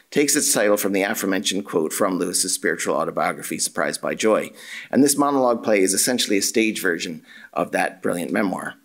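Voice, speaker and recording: A man, a drama and theatre studies lecturer, reading an academic paper aloud in a measured, formal way with occasional dry asides. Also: sits low, fairly bright tone.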